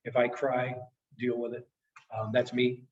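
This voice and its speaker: A man's voice: mid-range voice, flat delivery, unhurried. Earnest man in his fifties, echoey. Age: 50s. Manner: emotional, earnest storytelling. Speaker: sales trainer. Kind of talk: storytelling presentation. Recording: echoey, distant, dull room sound.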